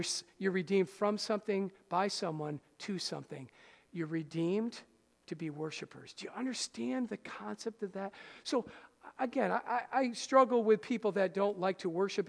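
A male pastor preaching a sermon, swinging from loud rousing lines to hushed soft ones and asking the congregation questions. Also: sits high, creaky. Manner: speaks straight to the congregation with questions. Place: church hall. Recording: hall reverb.

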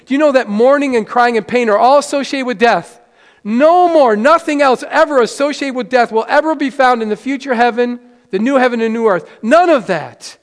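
A middle-aged male pastor with a notably high voice preaches in a relaxed, talky way, repeating words as he restarts his sentences. His voice often drops soft and low for emphasis. The sound carries a long hall reverb from the church. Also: a little fast, few pauses. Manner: conversational preaching with many restarts, dropping to soft lows. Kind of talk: sermon.

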